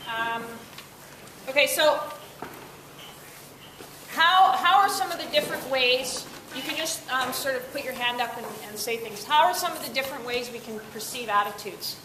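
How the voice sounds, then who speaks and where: A woman's voice: high voice, normal speed. A woman presenter leading an interactive talk with teenagers, upbeat and asking the class questions. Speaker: workshop presenter. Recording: echoey room, faint noise.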